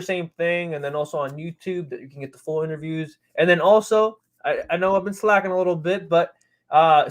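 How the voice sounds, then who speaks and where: Man, podcast guest, casual sports chat, animated, repeats himself, fairly high voice.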